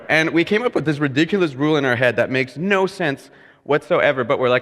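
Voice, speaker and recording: A man's voice: mid-range voice, animated, a little fast, a bit bright. A young man preaching a sermon, telling a personal story in a candid, self-mocking way and laughing at himself as he goes. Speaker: pastor. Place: church sanctuary. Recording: long hall reverb.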